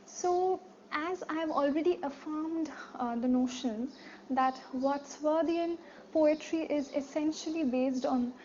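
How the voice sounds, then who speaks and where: High-pitched woman, literature teacher, methodical explainer; dull home recording, faint hiss. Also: slow pace, darkish tone. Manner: explanatory, repeats key words, asks rhetorical questions. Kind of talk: poetry analysis lesson.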